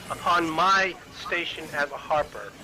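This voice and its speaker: A man's voice: on the high side, expressive, a little slow, sharp tone, a little hiss or hum, heavily acted, poor audio. A man voicing a bold, scheming female harper agent in a tabletop game, speaking in solemn, formal oaths.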